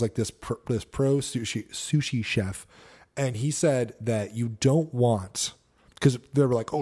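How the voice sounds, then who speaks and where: A man's voice: mid-range voice, dark tone. A man co-hosting a podcast in casual chat, laid-back and swearing freely. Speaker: podcast co-host.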